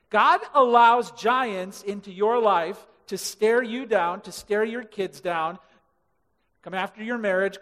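A man preaching a sermon to a congregation, animated, acting out quoted voices and swinging from loud to hushed. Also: high-pitched, long reverb tail. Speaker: pastor. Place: large church hall.

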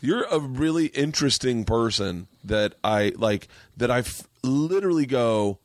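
A man's voice: medium pitch, animated, a little slow, few pauses, dry recording, studio quality. A man hosting a podcast, chatting casually and telling anecdotes in a conversational way. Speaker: podcast host.

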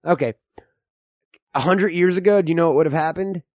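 A man hosting a radio comedy bit, crude and joking, talking fast with restarts. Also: on the high side, a little mellow, dry recording. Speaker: radio host. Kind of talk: improv comedy chat.

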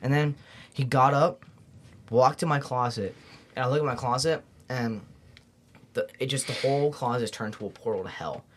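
A young man, a podcast guest, telling a rambling, excitable story full of "like" and "bro". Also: mid-range voice, moderate pace, long pauses, slight background noise. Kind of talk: casual storytelling chat.

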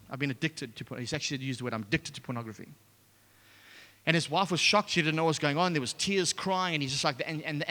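A man gives a sermon, breaking into a personal story with lots of restarts and animated asides. His voice sits a little high and sounds bright and forceful. The recording has the long, echoing ring of a large hall. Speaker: preacher. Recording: echoey hall.

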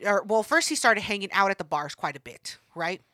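A woman co-hosting a podcast, chiming in with quick jokes and comments on the story. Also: medium pitch, big pitch swings, pushed and bright, dry recording, studio quality. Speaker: podcast co-host. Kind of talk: casual chat.

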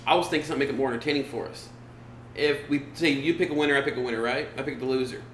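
A man's voice: medium pitch, steady tone, very fast, fairly bright tone, echoey room, slight background noise, rough recording. A man in casual banter as a podcast co-host, joking and eager, often repeating himself. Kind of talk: casual chat.

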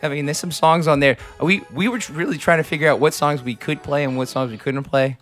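A man, a musician guest, chatting eagerly and haltingly about his set. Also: a little high, fairly bright tone, soft background music. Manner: enthusiastic, hesitant, many fillers. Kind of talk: casual chat.

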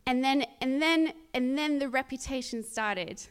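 A woman sharing a rambling, animated testimony with a congregation, full of "um" and "like" fillers and frequent laughter. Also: sits high, unhurried, clear, resonant tone. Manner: laughs often while telling the story. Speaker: speaker sharing a testimony at church. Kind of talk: chatty storytelling testimony to a congregation.

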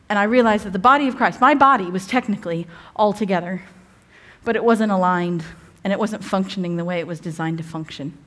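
A woman's voice: medium pitch, brisk, a bit bright. A woman giving a sermon as a guest preacher, chatty and humorous, often breaking off to restart or joke. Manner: chatty, humorous, self-interrupting. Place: church evening service.

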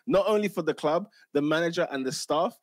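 A man doing an impression of an exasperated, middle-aged Italian football manager, speaking halting broken English with an Italian accent. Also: on the high side, no echo, natural voice. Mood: ranting.

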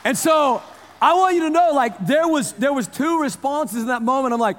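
Pastor in his forties, lighter-pitched male voice, chatty story-led sermon, big hall with long reverb. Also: lively intonation, moderate pace, a bit bright. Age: 40s. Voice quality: conversational storytelling, repeats phrases for emphasis.

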